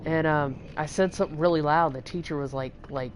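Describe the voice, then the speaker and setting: A woman's voice: low-pitched, steady tone, fairly quick, a little hiss or hum. A young woman from Texas hosting a livestream, telling long rambling stories with lots of fillers and swearing. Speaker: livestream host. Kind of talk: casual storytelling chat.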